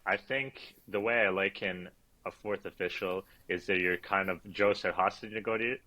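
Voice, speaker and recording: A man speaks in a lowish voice with a sharp, bright edge. He is a referee guest in a relaxed interview, calm and reflective, often breaking into easy laughter. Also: moderate pace, poor audio. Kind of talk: casual interview chat.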